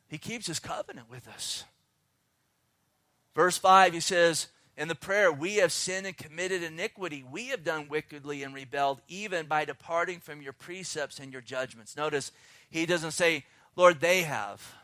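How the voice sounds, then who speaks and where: Fervent bright-voiced male preacher. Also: a little high, no room sound. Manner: fervent preaching, swings between loud and hushed, slows to read scripture. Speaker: pastor. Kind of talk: sermon. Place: outdoors.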